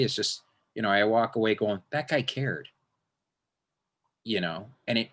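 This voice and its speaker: A man's voice: lowish voice, a little hiss or hum. A man, a magician, talking in a casual interview, rambling with frequent restarts and acting out quotes.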